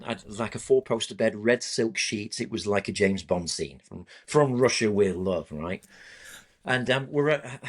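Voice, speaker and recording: A male interview guest telling an animated personal story, vivid and sweary, laughing at himself. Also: medium pitch. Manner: vivid, swearing, self-deprecating.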